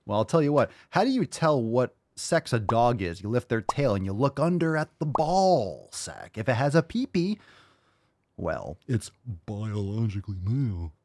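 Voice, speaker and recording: A man hosts a casual livestream podcast, reading out viewer comments and firing back with crude, sarcastic jokes. His voice swings up and down with lively pitch. It sounds dry and close to the mic. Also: moderate pace, dry recording. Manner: crude, sarcastic, swears a lot; animated, reads viewer comments aloud. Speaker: podcast host.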